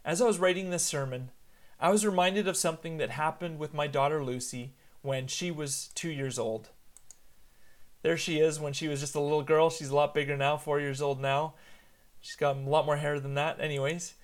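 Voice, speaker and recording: A pastor in his thirties, his voice a little high, preaches a sermon in an earnest storytelling manner and slows down for emphasis.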